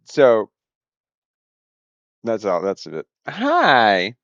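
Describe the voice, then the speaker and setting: A man talks loosely on a home livestream, drifting between thoughts, cutting himself off and laughing. His voice is smooth and mid-pitched. The sound is dry and a bit muffled, like a basic home mic. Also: moderate pace, dry recording. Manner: scattered and self-interrupting, swearing, laughing often. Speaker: livestream host. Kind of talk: rambling casual livestream chat. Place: home, indoors.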